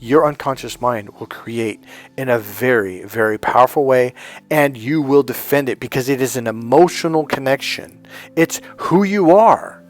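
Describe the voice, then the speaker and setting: A man's voice: medium pitch, moderate pace. Emphatic motivational coach, man. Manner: emphatic and animated, often acting out other people's lines. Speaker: life and dating coach. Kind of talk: motivational talk with personal stories.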